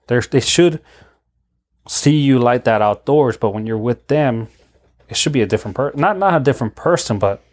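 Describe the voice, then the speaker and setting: A male podcast host talks in loose, casual chat at an ordinary middle pitch. He rambles, restarts his sentences and laughs often. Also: expressive, moderate pace.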